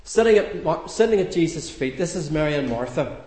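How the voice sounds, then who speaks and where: A man's voice: a little high, animated, a little fast, a little mellow, reverberant. A man giving a sermon in a chatty, homely storytelling manner with light humour. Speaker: preacher.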